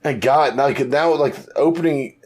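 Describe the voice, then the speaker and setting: A man co-hosting a podcast in casual chat, talking in an animated, profane way and acting out quotes. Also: a little high, unhurried, slight background noise. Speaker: podcast co-host.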